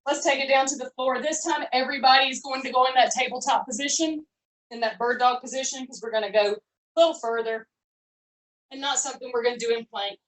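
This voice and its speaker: A woman's voice: sits high, fairly even intonation, quick pace, fairly bright tone. Upbeat woman coaching a workout. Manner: upbeat, chatty, encouraging coaching with folksy phrases. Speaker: fitness instructor. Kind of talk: live online workout class cueing. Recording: echoey room, voice from far off.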